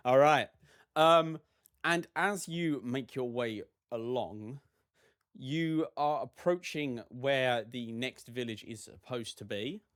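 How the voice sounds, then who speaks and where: Relaxed male game master, hesitant, narrating. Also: medium pitch, slow, dry recording, studio quality. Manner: casual, hesitant with fillers.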